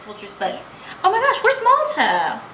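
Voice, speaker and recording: Bubbly high-voiced young American woman. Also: huge pitch swings, moderate pace, sharp tone. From United States. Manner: bubbly, gushing, lots of "like" and "oh my gosh". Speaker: vlogger. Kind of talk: casual travel storytime vlog. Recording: echoey room with faint background noise.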